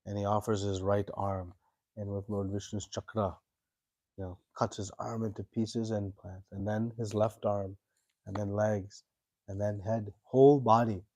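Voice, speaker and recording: A man teaching a scripture class. He tells a story in a relaxed way with many fillers and stops to quiz his students. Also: on the low side, measured pace, dry recording.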